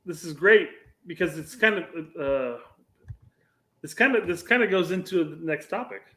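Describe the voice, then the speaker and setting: A man's voice: on the high side, animated, normal speed, bright, forceful tone. Swearing, teasing man in a roomy space. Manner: profane, teasing, laughs often. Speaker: podcast co-host. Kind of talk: casual banter.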